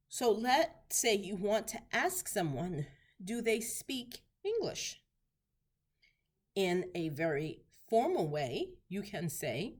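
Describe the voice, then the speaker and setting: A woman teaching basic Spanish phrases, repeating each one slowly for learners to practice. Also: medium pitch, very animated, breathy edge. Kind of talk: slow instructional lesson.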